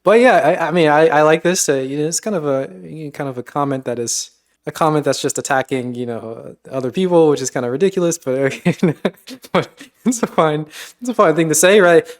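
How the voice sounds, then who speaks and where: A man's voice: fairly high pitch, moderate pace. Joking man commenting on a stream. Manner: joking, mock-exasperated. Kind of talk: casual live-stream commentary.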